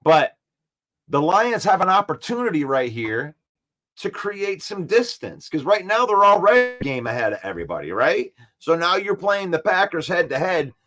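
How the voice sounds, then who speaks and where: A man hosting a daily sports talk show, excitable and trash-talking, repeating himself as he builds his case. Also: high-pitched, normal speed, soft background music.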